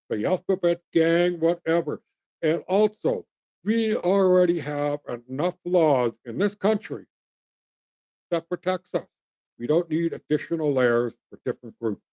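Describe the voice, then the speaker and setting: A man's voice: on the high side, warm tone. A middle-aged man from Canada hosting his own show, rambling bluntly and folksily as he talks straight to his viewers. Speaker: host. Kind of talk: opinionated solo commentary.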